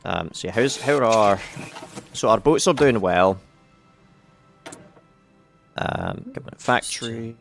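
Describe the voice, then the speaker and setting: Guy hosting a game stream, kinda low voice, lots of ums and restarts. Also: expressive, a little slow, gravelly, long pauses, faint music behind. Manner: hesitant, many fillers and restarts. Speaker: game community specialist hosting a live stream. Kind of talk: casual live-stream chat.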